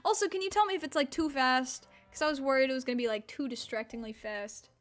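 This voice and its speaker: Young woman, about 20, from Mississippi, high-pitched, odd relaxed-jaw accent, chatty rambling streamer. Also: quick pace, faint music behind. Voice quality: unusual slack-jawed accent. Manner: rambling, swears, laughs often. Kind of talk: casual stream chat.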